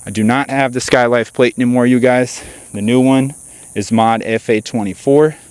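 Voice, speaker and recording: A man's voice: mid-range voice, fairly even intonation, normal speed, darkish tone, clean tone, no room sound. A man hosting a car channel, chatting casually to his viewers while standing outdoors beside his car. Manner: chatty, addresses viewers directly. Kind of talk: casual vlog chat.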